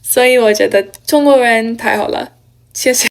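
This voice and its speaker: A woman whose first language is English, speaking slowly and carefully as a learner in a casual vlog. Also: fairly high pitch.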